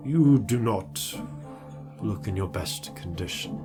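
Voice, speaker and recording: A man voicing a courteous male ship's doctor with a cane, who speaks slowly and formally. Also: on the low side, expressive, over music. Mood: polite concern.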